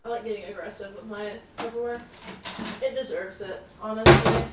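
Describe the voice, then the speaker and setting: A young woman livestreams from her home kitchen, telling a story bluntly and nonchalantly and swearing freely as she washes dishes. Her medium-pitched voice is steady and moves at a normal speed. She's far from the mic in a roomy kitchen, with dishes and pots clattering loudly in the background.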